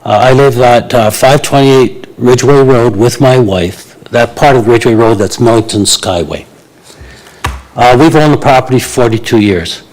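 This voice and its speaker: A man's voice: medium pitch, moderate pace, a little mellow, low-quality recording. A man, addressing a town council as a local resident, blunt and indignant, with many hesitations. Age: 80s. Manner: blunt, indignant, with frequent uh fillers. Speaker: resident speaking at a public meeting. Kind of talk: public delegation to council.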